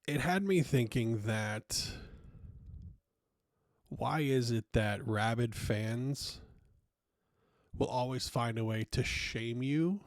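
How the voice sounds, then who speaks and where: A man's voice: medium pitch, dry recording, studio quality. A man hosting a podcast, talking through a loose, frank monologue with casual swearing and many fillers. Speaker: podcast host.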